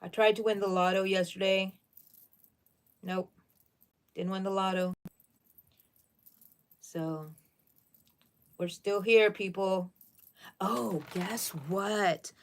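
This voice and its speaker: A middle-aged woman hosts a casual crochet livestream, chatting with viewers, answering their comments and often calling them "people." Her medium-pitched voice is steady and slow, with long pauses.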